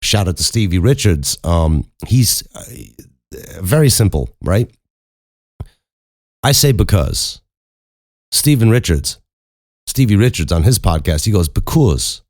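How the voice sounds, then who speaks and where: A man's voice: sits low, lively intonation, takes it slowly, pauses often, darkish tone, dry recording, clean studio sound. A man from Chicago with a Chicago accent, a podcast host and voice actor talking candidly in a casual way, often restarting his sentences. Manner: candid, conversational, with frequent restarts. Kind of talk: casual advice talk.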